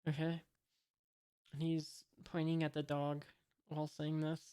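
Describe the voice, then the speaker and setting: A woman's voice: low voice, monotone, measured pace, dark tone, smooth. A woman casually reading a comic aloud, hesitant with many fillers and unsure asides. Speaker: comic reader.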